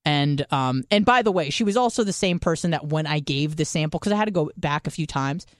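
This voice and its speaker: A low-voiced woman talks briskly on a podcast she co-hosts, captured in clean studio sound without echo. Animated and profane, she tells a funny, laid-back story and voices both people in the conversation herself.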